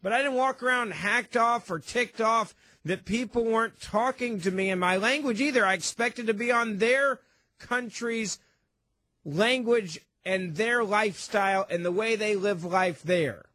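A man's voice: high-pitched, unhurried, pushed and bright, dry recording. A young man hosting a call-in talk radio show, speaking emphatically with sarcastic, opinionated asides. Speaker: fill-in talk radio host.

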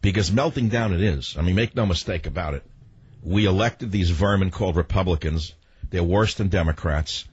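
A man's voice: low-pitched, moderate pace, slightly rough, dry recording, highs cut off. A man hosting a political talk radio show, delivering a combative, ranting monologue full of rhetorical questions. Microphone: studio microphone.

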